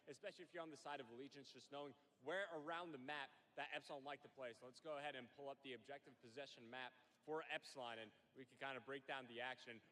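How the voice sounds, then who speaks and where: Male esports analyst, quick explanatory delivery, fillers. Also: a little high. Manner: explanatory, steady walkthrough with fillers. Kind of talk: analysis segment.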